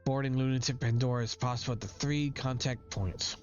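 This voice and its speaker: A man's voice: mid-range voice, steady tone, fairly quick, natural voice. A man reading as a fussy eccentric doctor. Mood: explaining. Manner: reads game dialogue aloud. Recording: dull lo-fi recording with faint game music.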